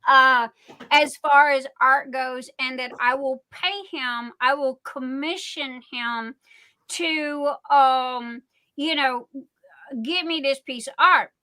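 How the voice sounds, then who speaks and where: A middle-aged woman hosting a casual livestream, telling stories in a rambling, excitable way. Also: sits high, slow. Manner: rambling, excitable, chatty storytelling. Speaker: livestream host.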